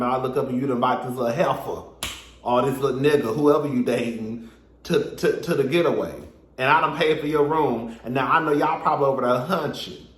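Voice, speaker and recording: A man giving a sassy, animated casual recap of a reality show, talking straight to his viewers. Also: medium pitch, echoey room. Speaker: reality TV reviewer.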